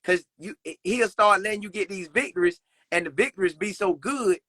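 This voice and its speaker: A man's voice: sits high, fairly quick, sharp tone, no echo. A young man talking earnestly about faith as a podcast guest, repeating phrases in a preacherly way. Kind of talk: casual faith conversation.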